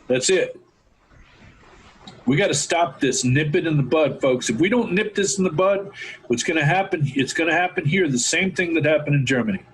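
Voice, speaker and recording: A man's voice: fairly high pitch, animated, normal speed, a little hiss or hum, low-quality recording. A man hosting a talk show, ranting fervently and calling his listeners folks. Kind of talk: impassioned political talk.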